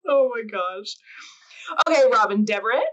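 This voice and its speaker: A woman's voice: fairly high pitch, animated, normal speed, fairly bright tone, highs cut off. A Canadian woman with a Canadian accent, hosting a podcast interview in a friendly, conversational way. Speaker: podcast host.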